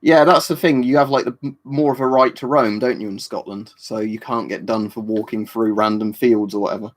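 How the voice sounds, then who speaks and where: In casual live chat, a UK livestream host answers his viewers, wandering off topic and peppering his speech with fillers and tag questions. He has a fairly low pitch, a steady tone, and a fairly quick pace.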